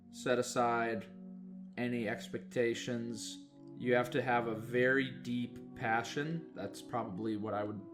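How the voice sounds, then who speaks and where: A man interviewed in a documentary, speaking in a thoughtful, candid way about his goals. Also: medium pitch. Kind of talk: reflective interview.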